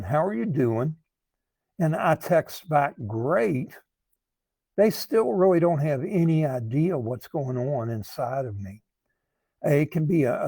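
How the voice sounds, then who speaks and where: An earnest man talks as a recovery coach, taking his time and restarting phrases as he thinks. His voice is mellow and gravelly with a husky edge. The sound is dry and close. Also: fairly high pitch, no room sound. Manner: slow, earnest, repeats words while thinking. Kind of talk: talking to camera, advice monologue.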